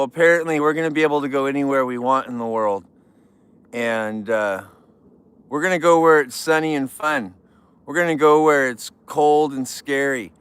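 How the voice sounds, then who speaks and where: Man, casual livestream host, joking with viewers, smooth clear voice. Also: mid-range voice, fairly bright tone, no room sound. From California. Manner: chatty, jokey, greets viewers. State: tired.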